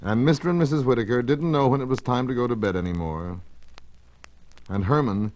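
A man narrating children's stories on a storybook record, in an expressive, measured storytelling manner. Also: mid-range voice, poor audio.

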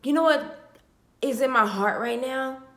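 A woman's voice: high-pitched, measured pace. Tearful young woman vlogger, roomy echo. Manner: heartfelt, repetitive, swinging between hushed and loud. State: tearful, sighing. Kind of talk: emotional talk to camera. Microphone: phone camera.

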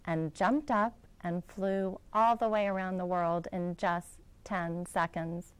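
A woman, a school director, reading a children's picture book aloud in a gentle storytelling manner. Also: fairly low pitch, clear, resonant tone, rough recording.

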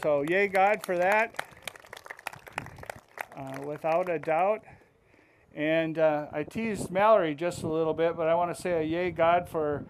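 A man leading casual announcements at an outdoor church service, speaking in a relaxed, halting way with many fillers. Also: a little high, slight background noise.

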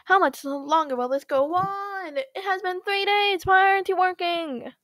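A woman's voice: very high voice, a little slow, a bit bright, no echo, pitched above the performer's own voice. A woman voicing a nagging, exasperated middle-aged bee mother.

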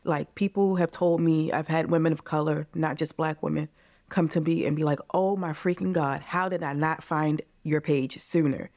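This woman has a deep, slightly mellow voice, with a steady tone and moderate pace, captured on a dry, studio-quality recording. She's a podcast guest from the United States in her forties, speaking candidly, earnestly and passionately in an interview and frequently saying "you guys" to listeners.

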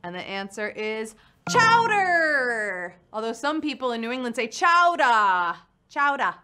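Playful bright-voiced woman quiz host. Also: fairly high pitch, very animated, measured pace, slight background noise. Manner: playful, punny, chatty with the audience. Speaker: game show host. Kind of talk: live mobile quiz show hosting. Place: studio in New York.

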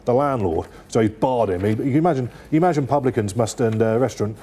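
A man chatting casually through the day's papers, warm and mellow in tone. He rambles, restarting sentences and leaning on fillers as he talks. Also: medium pitch, quick pace, hardly any pauses, a little hiss or hum. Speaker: newspaper review guest. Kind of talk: casual chat.

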